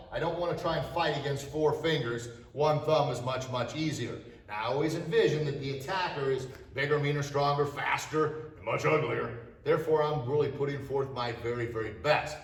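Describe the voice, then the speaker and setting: Energetic martial arts instructor, echoey room. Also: male voice, a little high, far from the mic. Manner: energetic, shouts sharp strike cries. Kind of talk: demonstrating self-defense to students. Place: martial arts studio, indoors. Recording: echoey studio, voice from off-mic.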